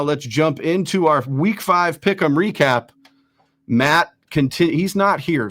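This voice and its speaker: On a casual sports talk show, a male host moves briskly down lists of rankings with quick self-mocking asides in between. His voice is mid-pitched with a fairly bright tone, recorded close and dry with no echo.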